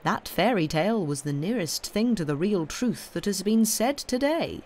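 A woman reading the part of a mild, cheerful male priest detective who speaks quietly and pleasantly. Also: mid-range voice, lively intonation, moderate pace, natural voice. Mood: calm.

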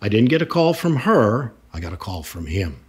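A middle-aged man, a lawyer, recalling events in an interview, telling it with animated storytelling and heated re-enactment. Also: lowish voice, moderate pace, breathy edge. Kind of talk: interview recollection.

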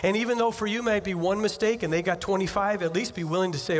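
Male pastor, conversational preacher who acts out asides, slightly high voice, recorded in a reverberant sanctuary. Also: steady tone, fast talker, few pauses. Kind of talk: sermon. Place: church sanctuary. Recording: long hall reverb.

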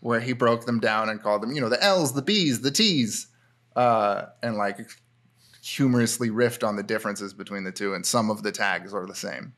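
Bright guy on a podcast, lots of likes and uhs, kinda critical. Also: on the low side, normal speed. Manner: critical, filler-heavy commentary. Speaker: podcast host, comedian. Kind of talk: casual podcast chat.

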